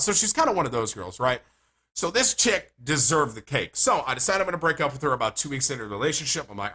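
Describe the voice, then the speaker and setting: A young man spins a comic story for his viewers. His voice is bright and forward, with wide swings in pitch. He talks crudely and bursts into loud, exaggerated lines. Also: a little fast. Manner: animated, crude, jumps to loud outbursts. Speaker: vlogger.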